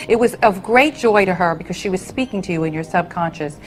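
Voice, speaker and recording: A woman's voice: on the low side, quick pace, poor audio. Soothing woman medium addressing an audience. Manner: soothing, calls people honey and sweetheart. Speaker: psychic medium. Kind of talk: stage reading for an audience.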